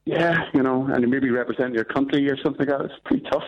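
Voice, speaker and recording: A man calling in to a radio show, talking in an earnest, rushed way. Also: mid-range voice. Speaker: caller. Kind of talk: phone-in call. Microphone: phone line. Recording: dull phone line.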